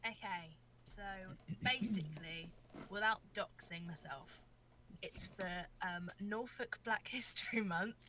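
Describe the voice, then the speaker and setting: Chatty young woman, bright tone. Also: mid-range voice, takes it slowly, a little hiss or hum. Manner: chatty, hesitant with fillers, self-deprecating. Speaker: guest, video creator. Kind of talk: casual chat on a podcast.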